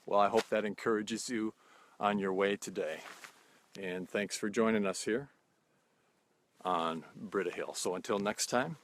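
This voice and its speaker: A man preaching a short sermon outdoors, telling a story in a gentle, unhurried way with soft pauses. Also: fairly low pitch, slight background noise. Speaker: pastor. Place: outdoors at sunrise.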